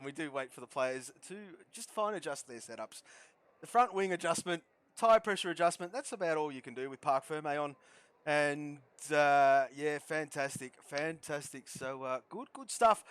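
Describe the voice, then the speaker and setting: High-pitched guy calling an online racing league, gets loud and shouty on big laps. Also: no echo. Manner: shouts with excitement at big moments, laughs at his own jokes. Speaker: sim racing league commentator. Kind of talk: excitable esports race commentary.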